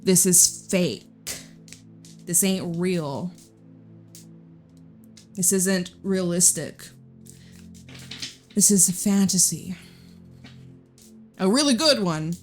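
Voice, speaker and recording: A woman's voice: on the low side, extremely slow, pauses often, darkish tone, soft background music. Chatty swearing woman reading tarot. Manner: chatty, blunt, swears freely, laughs often. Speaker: tarot reader.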